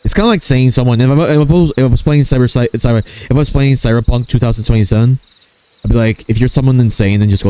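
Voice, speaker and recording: A man's voice: mid-range voice, quick pace, warm tone, smooth. A man chatting casually on his gaming stream, joking crudely and swearing freely. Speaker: VTuber streamer.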